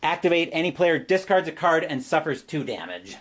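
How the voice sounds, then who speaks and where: A man's voice: on the high side, sing-song, fairly quick. A man playing a board game on his own and explaining each move step by step. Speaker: solo board game player. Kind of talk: board game playthrough commentary.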